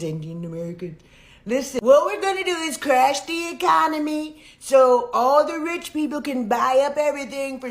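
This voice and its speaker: Woman as a boastful male president, rambling and repeating catchphrases, echoey and high.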